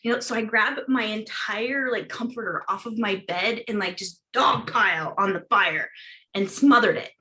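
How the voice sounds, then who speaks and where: A bright-toned woman tells a story in a chatty, rambling way, full of fillers and laughter. She speaks over a video call and plays out her own past reactions as she goes. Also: fairly high pitch, very animated, measured pace, rough recording. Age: adult, recalls her teenage years. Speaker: host of a witchcraft group video chat. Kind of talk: casual storytelling chat.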